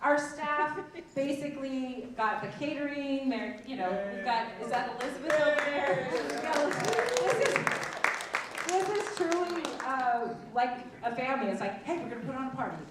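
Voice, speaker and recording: A woman's voice: sits high, animated, moderate pace. A woman hosting a theater event, giving a casual, joking welcome speech to an audience. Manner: chatty, joking, laughing often. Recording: echoey room, distant mic, crowd and noise.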